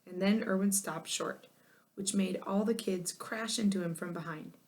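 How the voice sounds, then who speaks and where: Expressive female narrator for a children's chapter book, lively delivery. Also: mid-range voice, moderate pace. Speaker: audiobook narrator. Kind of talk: children's storybook reading.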